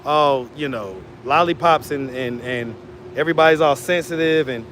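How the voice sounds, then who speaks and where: A man's voice: fairly high pitch, normal speed, fairly bright tone, slight background noise. Chatty man in his 40s. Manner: loose and chatty, heavy on fillers and slang. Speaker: street interviewer and livestream host. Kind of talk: casual livestream chat.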